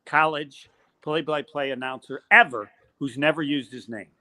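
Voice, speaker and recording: Older play-by-play guy, bright sharp voice, acts out everybody in his stories. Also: a little high, moderate pace. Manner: animated storyteller, acts out quoted voices. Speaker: guest, college basketball play-by-play announcer. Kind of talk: storytelling in a podcast interview.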